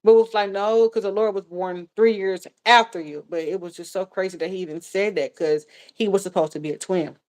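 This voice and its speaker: A woman in her thirties chats candidly through a live viewer Q&A in a mid-pitched voice. She rambles, circles back and repeats herself. Her talk is full of fillers and the odd curse word. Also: steady tone, a little fast, hardly any pauses, darkish tone. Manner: candid and chatty, with frequent fillers and swearing. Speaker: vlogger answering viewer questions. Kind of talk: casual live Q&A chat.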